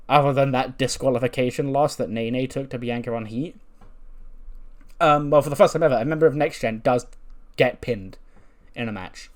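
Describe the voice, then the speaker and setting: Guy casually narrating his wrestling game run, chatty, mid voice. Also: medium pitch. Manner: casual, chatty, lots of fillers. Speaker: gaming creator. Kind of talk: narrating a wrestling sim playthrough.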